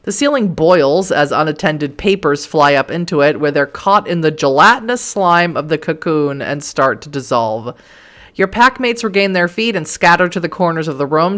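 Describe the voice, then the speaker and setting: A woman's voice: low voice, fairly bright tone. A woman streamer reading a game's text aloud, with exasperated asides. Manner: dramatic reading broken by exasperated asides and laughs. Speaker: let's play streamer.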